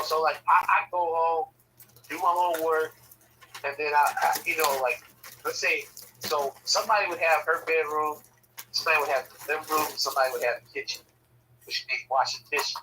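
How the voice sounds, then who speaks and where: A man casually tells stories about his family, swearing freely and acting out the voices of the people involved. His voice is a little high, pushed and bright, on a low-quality recording with slight background noise.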